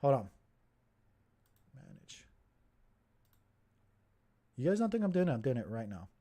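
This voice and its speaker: A man's voice: medium pitch, big pitch swings, measured pace, warm tone, breathy edge. A man hosting a crypto livestream, talking in a heated, emphatic way and repeating himself as he gets worked up.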